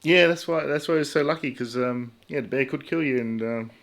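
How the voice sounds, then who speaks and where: A man giving a casual, halting explanation, full of ums. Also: mid-range voice, gravelly, a bit bright.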